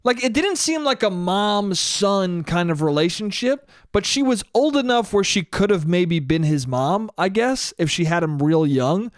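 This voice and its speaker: Young man chatting solo, slightly high voice. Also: expressive, a little slow, hardly any pauses, no echo, clean studio sound. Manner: loose, profane and conversational, with frequent restarts. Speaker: podcast host. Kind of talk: casual solo storytelling.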